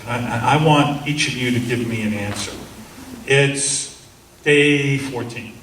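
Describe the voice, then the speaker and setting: A man's voice: medium pitch, unhurried, a bit bright. A middle-aged man giving a seminar talk, telling a story in an earnest way and acting out the officers he quotes. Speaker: seminar speaker. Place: seminar room. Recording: roomy, distant mic, faint hum.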